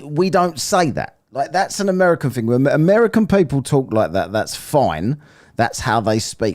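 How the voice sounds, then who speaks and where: A man's voice: fairly low pitch, sing-song, unhurried, a little mellow. A British man hosting a live stream, joking bluntly and swearing casually as he reads viewer messages. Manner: jokey, blunt and sweary, with exaggerated mock voices. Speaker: live stream host reading super chats.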